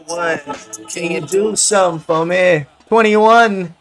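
A man giving excited commentary over his own soccer video game match, cheering, swearing and shouting at teammates. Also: high voice, slow, faint music behind. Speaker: gaming video creator.

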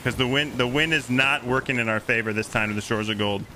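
A man streaming a pirate video game, talking loudly and theatrically with his crew, often laughing and playfully bossy. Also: mid-range voice, fast talker, noisy background. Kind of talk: excited gameplay chatter.

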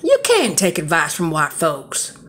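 A man's voice: on the high side, huge pitch swings, measured pace, a bit bright, exaggerated voice. A woman quoting a friendly grown man who chats and asks for coffee advice, speaking close to her own voice. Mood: curious. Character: friendly adult male stranger asking advice.

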